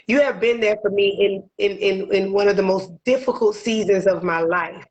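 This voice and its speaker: A woman's voice: medium pitch, fairly even intonation, normal speed, lo-fi sound. A woman co-hosting a podcast, voicing heartfelt, near-tearful gratitude and repeating her phrases. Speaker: podcast co-host. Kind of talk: emotional podcast chat.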